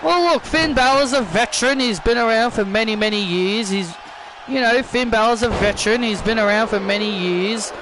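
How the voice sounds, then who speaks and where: A man doing casual play-by-play commentary over a video game, rambling and repeating himself as he gets excited. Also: sits high, normal speed, noisy background.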